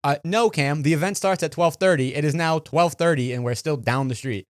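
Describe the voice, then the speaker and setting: A man's voice: on the high side, a little fast, no room sound, studio quality. A young man co-hosting a casual podcast, swearing and complaining in an exasperated way about his friend. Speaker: podcast co-host. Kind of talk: casual banter.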